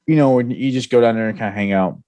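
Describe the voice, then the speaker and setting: Mellow-voiced man telling war stories. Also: mid-range voice, fast talker. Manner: storytelling, animated, with laughs. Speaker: podcast co-host. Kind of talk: casual veterans' podcast chat.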